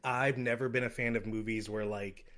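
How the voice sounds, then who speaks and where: A man's voice: mid-range voice, steady tone, normal speed, a bit bright. Laid-back young man chatting casually. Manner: laid-back, chuckling, rambling storyteller. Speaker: podcast co-host. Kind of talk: casual chat.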